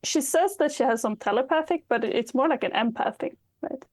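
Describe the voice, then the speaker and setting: Thoughtful, hesitant woman, fairly high voice. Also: expressive, brisk. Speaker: podcast guest. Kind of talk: casual chat.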